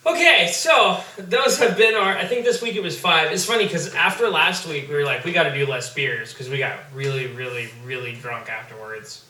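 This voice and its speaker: A man hosting a casual podcast, energetic and often laughing, with loud exclamations. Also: on the high side, moderate pace, few pauses. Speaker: podcast host. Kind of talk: casual chat. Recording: echoey room, mic at a distance.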